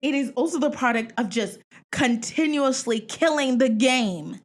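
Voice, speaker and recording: A young woman hosting her own show, giving opinionated, animated commentary full of slang and asides while filming alone at home. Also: on the high side, normal speed. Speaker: podcast host. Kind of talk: casual solo commentary.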